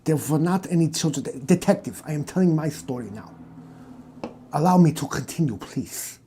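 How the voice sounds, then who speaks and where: A man's voice: fairly high pitch, expressive, normal speed, warm tone, slight background noise, close to an everyday voice. A man voicing a pompous, middle-aged German psychoanalyst with a German accent, who speaks in a stiff, formal and fussy way. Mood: indignant.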